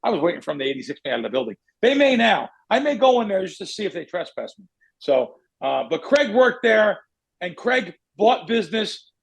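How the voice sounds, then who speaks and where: Gravelly high-voiced man rambling on a podcast. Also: very animated, brisk. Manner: rambling storyteller who curses and goes off on tangents. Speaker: podcast host, sports bettor. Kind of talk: casual podcast chat.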